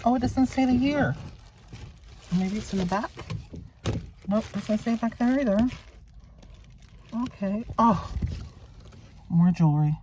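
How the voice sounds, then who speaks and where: A woman's voice: medium pitch, a little slow, long pauses, dark tone, slight background noise. A woman vlogger unboxing luxury items in a casual, gushing way, thinking aloud and exclaiming over what she finds.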